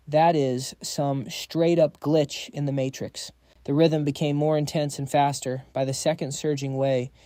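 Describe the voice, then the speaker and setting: A man's voice: fairly high pitch, dark tone, dry recording. A man narrating a manhwa recap in a dramatic, slangy storytelling manner.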